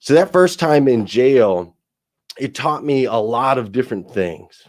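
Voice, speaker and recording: Energetic man telling a story. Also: medium pitch, a little slow. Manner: energetic, calls people man. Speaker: guest speaker. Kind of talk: storytelling talk.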